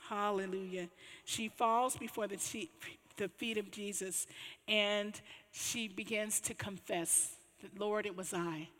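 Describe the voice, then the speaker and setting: A woman's voice: mid-range voice, slow pace. Woman pastor preaching in reverb. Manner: animated storytelling, swelling to exclamations. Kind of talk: sermon.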